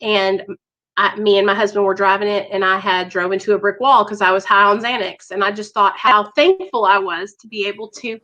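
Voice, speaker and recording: A woman's voice: mid-range voice, steady tone, fairly quick, bright, forceful tone. A woman hosting a live stream, talking earnestly and emotionally to her viewers over a video call. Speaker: live show host in recovery.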